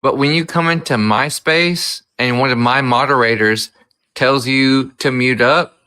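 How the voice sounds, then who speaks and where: A man hosting a livestream debate panel, measured and trying to calm things down. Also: medium pitch, smooth.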